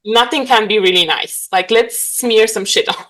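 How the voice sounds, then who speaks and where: Animated woman. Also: a little high, moderate pace, low-quality recording. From Bulgaria. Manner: animated, laughs often, many fillers. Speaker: guest. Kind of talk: casual interview chat.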